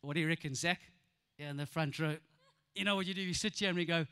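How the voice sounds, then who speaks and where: A man with a South African accent preaching a lively, playful sermon as a pastor, acting out voices and often laughing. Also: sits high, fast talker, smooth. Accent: South African English. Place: church auditorium. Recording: echoey church hall.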